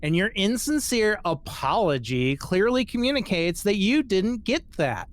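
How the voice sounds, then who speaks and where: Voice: mid-range voice, very animated, measured pace. A podcast host reading a social media post aloud and mocking it, swearing casually and laughing between lines.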